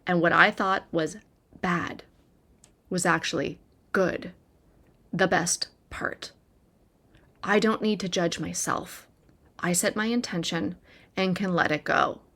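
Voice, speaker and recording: Woman storyteller, bright, earnest, chatty; vlog confessional delivery. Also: on the low side, steady tone, takes it slowly, long pauses. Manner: earnest, conversational, frequent "like" and "right?". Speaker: recovery content creator. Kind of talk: personal storytelling to camera.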